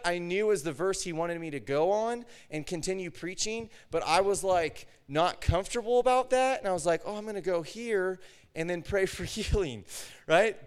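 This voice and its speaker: Animated, smooth-voiced male preacher. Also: high voice. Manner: animated storytelling, acts out his own and God's words. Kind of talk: sermon with personal testimony.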